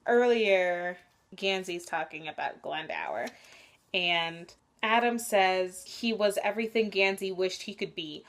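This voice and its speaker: A woman's voice: on the low side, lively intonation, a little slow. A young woman vlogger in casual chat about a book she is rereading, candid and swearing often.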